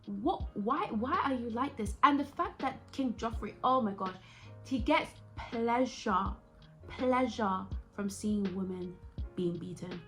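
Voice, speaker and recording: A young woman chatting casually to camera, animated and acting out her own reactions as she reviews a TV series. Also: fairly high pitch, slow, soft background music.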